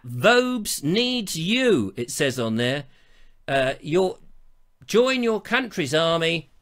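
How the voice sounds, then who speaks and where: Middle-aged man, bright and forceful tone, chatty live-stream host. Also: sits high. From England. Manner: chatty, theatrical storytelling with playful asides. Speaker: show host. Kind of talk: casual live-stream chat.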